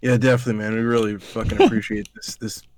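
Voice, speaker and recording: A man co-hosting a casual podcast who reads listener feedback aloud in a halting, mock-formal way, swearing and laughing between lines. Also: lowish voice, level tone. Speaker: podcast co-host.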